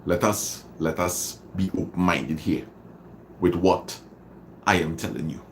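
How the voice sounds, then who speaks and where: A man's voice: low voice, unhurried, slight background noise. A man with a Trinidadian accent hosting a motivational livestream, greeting viewers and repeating phrases dramatically for emphasis. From Trinidad and Tobago. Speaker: livestream host.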